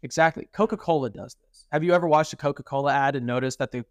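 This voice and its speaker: A young man co-hosting a podcast in casual chat, telling stories with lively acted quotes. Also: fairly high pitch, quick pace, no room sound, clean studio sound. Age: young adult. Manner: animated storytelling, quotes others in acted voices. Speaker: podcast co-host.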